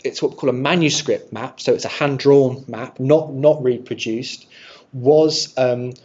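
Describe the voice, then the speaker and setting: A man's voice: mid-range voice, fairly even intonation, measured pace, a little mellow, husky. A man presenting an illustrated history talk to an audience, friendly and thinking aloud with restarts. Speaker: archive presenter giving a talk. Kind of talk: illustrated lecture with audience questions. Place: room with a live audience. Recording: dull lo-fi sound.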